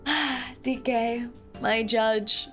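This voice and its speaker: A young woman streaming a game, chatting casually and breaking into drawn-out, whining cries. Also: on the high side, steady tone, a bit bright, soft background music. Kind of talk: casual gameplay commentary.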